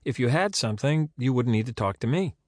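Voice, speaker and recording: A man's voice: medium pitch, expressive, fairly quick, a little mellow, no echo, pitched above the performer's own voice, natural voice. A man voicing a dry, sarcastic woman who is being questioned again, giving curt answers. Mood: wry. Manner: sardonic, curt replies.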